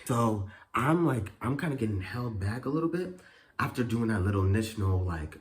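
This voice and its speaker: A man telling a story in a casual vlog, animated and profane, full of slang and fillers, jumping into high voices to act out quotes. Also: moderate pace, slight background noise. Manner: acts out quotes with sudden high pitch jumps.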